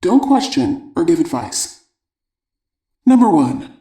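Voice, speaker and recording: Calm, measured male audiobook narrator, mellow and slightly high. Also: echoey room.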